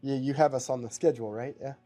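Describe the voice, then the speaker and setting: A man's voice: medium pitch, steady tone, quick pace, warm tone, faint music behind, natural voice. A man voicing a smug con man who drawls and stretches his words.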